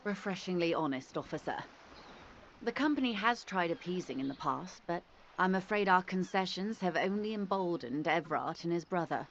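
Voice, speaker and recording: An actress playing a calm, curious, talkative company negotiator in a video game, speaking politely and evenly. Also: female voice, lowish voice, moderate pace, lo-fi sound, a little hiss or hum.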